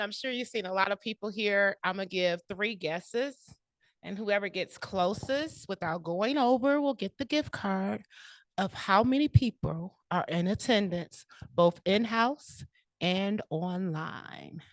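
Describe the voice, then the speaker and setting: A woman with a mid-range voice leads a club meeting, speaking to the audience in a lively, announcing way. Her voice is dry and close, with little room sound. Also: mid-range voice, measured pace, no echo. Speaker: meeting host.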